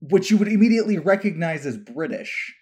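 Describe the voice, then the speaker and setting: A man's voice: high voice, expressive, brisk, a little mellow, husky. A man co-hosting a podcast in casual chat, explaining points at length with dry sarcasm. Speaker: podcast co-host.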